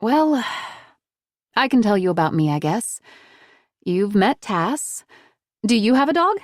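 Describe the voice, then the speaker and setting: A woman voicing a chatty woman gently coaxing a silent child, in an upbeat, questioning tone. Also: mid-range voice, very animated, a little slow, no echo, studio quality.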